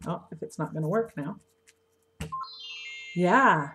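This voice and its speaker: A woman teacher talking a young class through a story lesson, asking gentle questions, recorded on a webcam microphone. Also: on the low side, animated, over music. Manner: slow, coaxing questions to children. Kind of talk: read-aloud lesson for young children.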